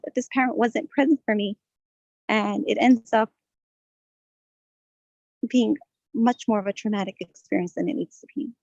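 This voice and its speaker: Woman sharing her story at a prayer circle, earnest, kinda high voice, dry muffled sound. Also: a little mellow, dry recording. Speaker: speaker at a women's prayer gathering. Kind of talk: personal testimony talk. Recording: dull lo-fi sound.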